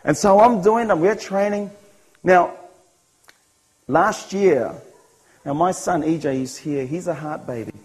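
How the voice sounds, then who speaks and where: His voice a little high and unhurried, with long pauses, a New Zealand man earnestly recounts his personal testimony as a sermon in a low-quality recording. Along the way he voices his own thoughts and chuckles at himself.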